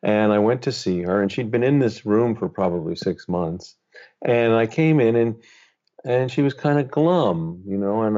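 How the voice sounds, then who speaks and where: A middle-aged male author, a guest on an interview, telling a personal story in a gentle, thoughtful, unhurried way. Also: on the low side. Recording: slightly dull, lo-fi sound.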